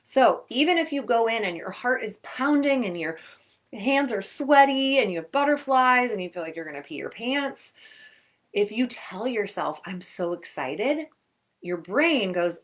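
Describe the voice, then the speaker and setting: Energetic woman sports performance coach. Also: medium pitch, moderate pace. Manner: energetic, chatty, acts out quotes. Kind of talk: upbeat coaching talk to camera.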